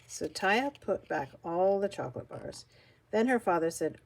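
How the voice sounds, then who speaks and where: An older woman reads a children's picture book aloud, telling the story with expressive, animated flair. Her mid-range voice is a bit creaky and moves at a moderate pace.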